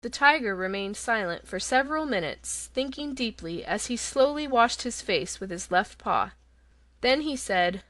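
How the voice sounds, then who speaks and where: A woman narrating a children's fantasy audiobook in a measured, expressive storytelling manner. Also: a little high, dry recording.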